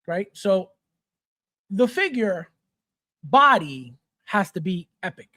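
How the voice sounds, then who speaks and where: A man's voice: sits high, sing-song, slow pace, sharp tone, no room sound. Host, man, middle-aged; sarcastic, profane rant, dry room sound. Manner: blunt, mocking, swears freely, mimics fans. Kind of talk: ranting live-stream chat.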